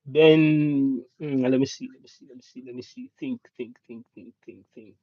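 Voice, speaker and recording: A man whose first language is Swahili, chatting casually with viewers on a live stream, halting and rambling with many restarts. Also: mid-range voice, fairly even intonation, no echo. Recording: dull, dry lo-fi sound.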